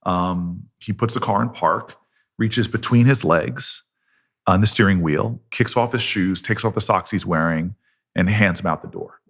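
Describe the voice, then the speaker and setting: Low, husky and a bit bright, a middle-aged senator's voice moves unhurriedly as he tells a personal story on a podcast. His manner is earnest and self-deprecating, the storytelling conversational.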